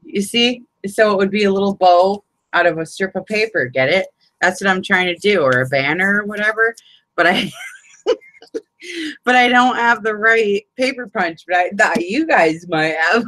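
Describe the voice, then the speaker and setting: A woman's voice: medium pitch, fairly bright tone, dry recording, rough recording. A woman hosting a live crafting chat, rambling and exasperated, swearing and laughing as she talks to viewers by name. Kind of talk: casual live chat, demonstrating a paper craft.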